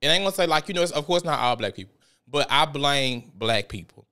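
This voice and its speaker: A man's voice: on the high side, expressive, fast, pushed and bright, clear, resonant tone. A man hosting a podcast, telling stories and ranting in a heated, profane, emphatic way. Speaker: podcast host. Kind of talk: casual ranting monologue.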